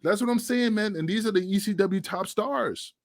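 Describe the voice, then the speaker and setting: In a studio-quality recording with no room sound, a former pro wrestler, now middle-aged, chats on a podcast as a guest. His voice sits high at a moderate pace while he tells rambling, profane stories from backstage.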